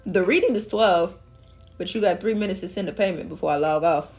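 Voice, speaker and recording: A woman's voice: on the low side, fairly quick, a little mellow, faint music behind. A woman giving a casual live-stream tarot reading, chatty and laughing often, calling listeners love and queen. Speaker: tarot reader.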